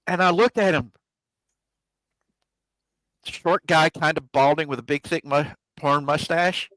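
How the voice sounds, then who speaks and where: A man's voice: on the high side, measured pace, pauses often, a bit bright, no room sound, low-quality recording. A man hosting a casual live chat, telling a long personal story in plain, salty language and acting out what others said. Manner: colloquial, swears freely, acts out quoted people. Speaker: podcast host.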